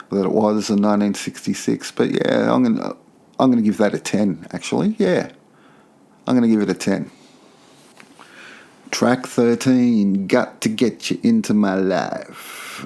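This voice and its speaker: Podcast guy rating songs one by one, kinda low voice, opinionated and excited, repeats stuff a lot. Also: gravelly. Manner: enthusiastic, opinionated, repeats himself for emphasis. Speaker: podcast host. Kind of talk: casual track-by-track album review.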